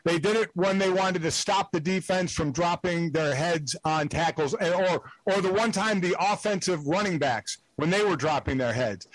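A man's voice: high voice, no echo, poor audio. A man who played the game, calling in as a guest analyst on a sports talk show, talking bluntly and at length with emphatic asides. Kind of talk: sports talk radio call-in. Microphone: phone line.

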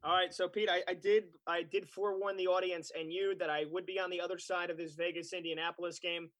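A man's voice: high voice, flat delivery, quick pace, a bit bright, no room sound. A man co-hosting a sports betting podcast, chatting confidently about his picks. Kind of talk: casual sports betting chat.

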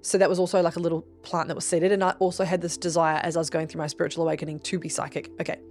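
A young Australian woman with a fairly low voice tells a story on her podcast in a loose, chatty way. She swears freely and jumps up in pitch to act out what people said. Faint music plays behind her. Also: rapid-fire. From Melbourne, Australia. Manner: animated, swears freely, acts out dialogue with big pitch jumps. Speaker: podcast host. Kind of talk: casual storytelling monologue.

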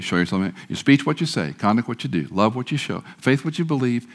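A man's voice: mid-range voice, expressive, fast talker, hardly any pauses. A middle-aged man preaching a sermon, joking at times and leading the congregation in repeated recitation. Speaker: guest preacher.

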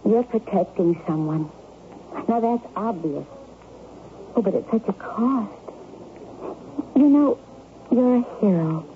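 An earnest, tender young coworker. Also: female voice, mid-range voice, lively intonation, slow, pauses often, a little hiss or hum. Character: gentle, admiring young woman coworker. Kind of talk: 1970s radio drama acting. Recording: tinny old radio broadcast.

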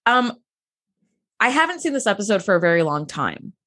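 A woman's voice: medium pitch, big pitch swings, fairly quick, a bit bright. A woman co-hosting a podcast, chatting casually as she recaps a TV episode and acts out lines in character voices. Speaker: podcast co-host.

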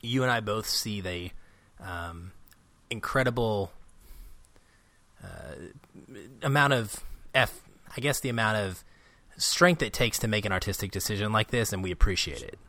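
Animated man on a movie podcast. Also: on the low side, a little slow, long pauses, no echo. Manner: animated, rambling, laughs often. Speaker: podcast co-host. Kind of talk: casual movie review chat.

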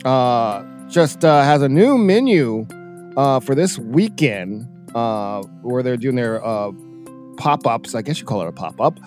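A male co-host in casual chat, laughing often and talking with many fillers, sounding tired from a rough week. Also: medium pitch, animated, unhurried, a little mellow, faint music behind. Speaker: radio co-host.

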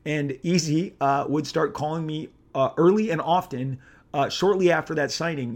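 This is a comic book artist, a middle-aged man from Southern California, sharing a casual story at normal speed. His fairly high voice is animated, and he rambles along with lots of fillers and false starts.

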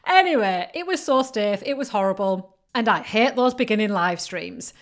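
A woman's voice: mid-range voice, animated, moderate pace. A woman with a northern English accent, hosting a solo podcast as a business coach and speaking in an earnest, encouraging way. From northern England. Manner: earnest, encouraging, acts out clients' excuses.

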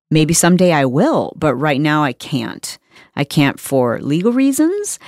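A woman's voice: low-pitched, dry recording, studio quality. A woman hosting her own podcast, talking frankly and emphatically in a conversational monologue. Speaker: podcast host.

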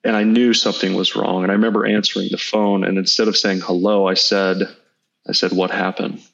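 A man in his thirties speaks low, with a gravelly edge of vocal fry. He tells a personal story in an earnest, halting way, restarting small phrases as he goes. The audio is slightly dull and lo-fi. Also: little pitch movement, fairly bright tone. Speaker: guest entrepreneur. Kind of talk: reflective storytelling in an interview.

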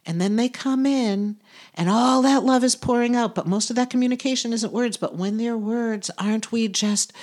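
A woman's voice: a little high, moderate pace, a little mellow. A middle-aged woman hosting a spiritual podcast, talking in an earnest, soothing way, laughing often and trailing off as she searches for words. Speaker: podcast host and medium.

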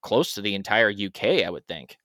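A man's voice: on the low side, lively intonation, fairly quick, a bit bright, no room sound, clean studio sound. A man from Washington State with a Pacific Northwest American accent in casual podcast chat, easygoing and musing. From Washington State, USA.

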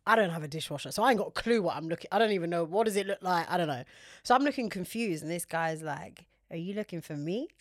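Woman, London accent, podcast co-host, animated storyteller, dry close sound. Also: fairly low pitch, fast talker, no room sound. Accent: London English. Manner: animated storytelling, acts out dialogue. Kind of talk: casual chat.

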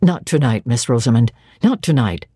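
A woman's voice: animated, normal speed, dark tone, slightly rough, no echo, studio quality, heavily acted. A woman voicing an austere young clergyman who answers in short, restrained replies. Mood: grave. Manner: low, hollow, clipped and restrained.

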